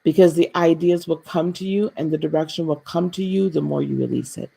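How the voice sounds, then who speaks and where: A woman hosting a live spiritual talk, speaking gently and repeating phrases for emphasis, addressing her viewers as beloved. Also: low voice, brisk, vocal fry, slightly rough. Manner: speaks directly to viewers, calls them beloved.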